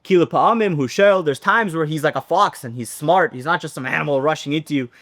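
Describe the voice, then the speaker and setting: A man teaching a Torah class, telling a story with lively acted-out dialogue. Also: fairly high pitch, brisk. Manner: animated storyteller, acts out dialogue.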